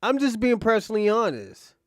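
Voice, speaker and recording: High-voiced man, crude mocking commentary. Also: huge pitch swings, a little fast, dry recording, clean studio sound. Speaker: host. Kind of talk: profane reaction commentary.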